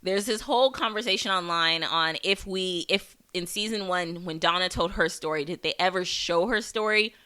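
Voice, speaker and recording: A woman's voice: lowish voice, moderate pace, hardly any pauses, pushed and bright, smooth. A woman hosting a podcast, recapping a TV episode in a casual, rambling way with many fillers and restarts, and swearing for emphasis. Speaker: podcast host.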